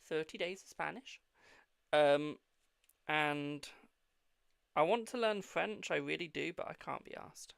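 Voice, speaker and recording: British tarot streamer, gravelly, talkative and cheeky, swears, calls everyone darling. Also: medium pitch, unhurried, pauses often, fairly bright tone, no echo, studio quality. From United Kingdom. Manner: chatty, swears freely, calls viewers "my darling". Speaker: tarot reader hosting a live stream. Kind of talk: casual live-stream card reading.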